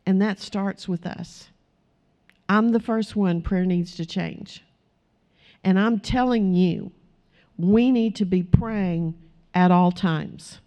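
A woman preaches to her congregation, earnest and pleading. Her voice is mellow and warm, and she now and then acts out a quoted prayer. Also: medium pitch, slow, pauses often. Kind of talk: sermon.

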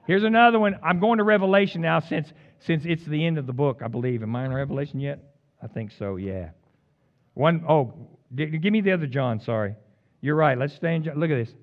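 A man preaching a sermon as pastor, jumping between loud emphatic peaks and quiet, joking asides to the congregation. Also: fairly high pitch, brisk, dull audio. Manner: humorous, teasing the congregation.

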